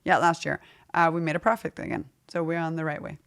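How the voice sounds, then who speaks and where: A woman's voice: low voice, little pitch movement, fast talker, creaky, a bit bright, clean tone. A middle-aged woman speaking frankly and casually as an interview guest, laughing often as she talks. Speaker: fashion brand founder, guest.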